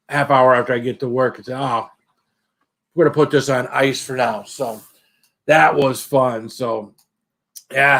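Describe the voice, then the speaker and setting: Chatty man hosting a livestream. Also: on the high side. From Michigan, USA. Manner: chatty, greets viewers by name. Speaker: livestream host. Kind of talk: casual live-stream chat.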